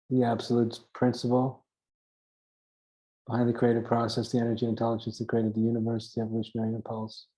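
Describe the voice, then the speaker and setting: Captured in a low-quality recording, an earnest male speaker with a warm, mid-range voice delivers spiritual teaching. He drives his points home through repetition and now and then laughs softly at himself.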